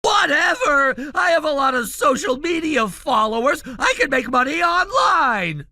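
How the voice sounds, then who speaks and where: A woman voicing an arrogant young male designer who shouts and whines defensively in an animated story. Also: sits high, slow pace, vocal fry, no echo, clean studio sound, heavily acted. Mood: desperate.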